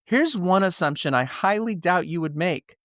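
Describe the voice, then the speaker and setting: A man's voice: high-pitched, animated, moderate pace, fairly bright tone, no room sound, studio quality. A man hosting an upbeat podcast, enthusiastic and playful as he tells stories and welcomes guests. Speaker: podcast host.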